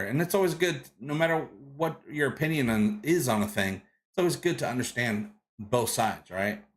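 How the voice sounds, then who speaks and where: A man hosts a live stream, chatting casually, reading out viewer comments and greeting viewers by name. He rambles with many restarts and fillers, in a medium-pitched voice with a fairly bright tone.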